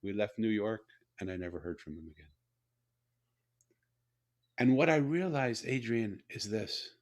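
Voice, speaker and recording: A middle-aged man, an author and company head, telling a personal story in an unhurried, reflective way during a conversation. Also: mid-range voice. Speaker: author and CEO, interview guest.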